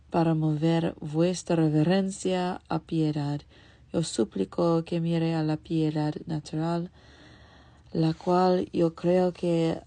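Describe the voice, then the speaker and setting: Brief: woman reading as a starving young male beggar, pleading, low and gravelly. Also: warm tone, dry recording, full character voice. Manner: pleading, slow and drawn out. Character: starving ragged young man begging in many tongues.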